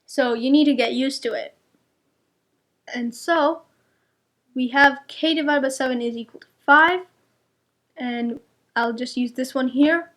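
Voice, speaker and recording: A woman's voice: high voice, a little slow, pauses often, fairly bright tone. A young woman tutoring math to young students, patiently explaining each step and checking her answers.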